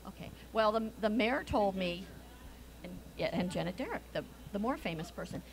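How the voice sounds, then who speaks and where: A woman's voice: mid-range voice, expressive, normal speed, creaky. A woman from New Jersey judges a charity dance contest with playful, punning remarks. Faint noise sits behind her voice. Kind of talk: live event commentary.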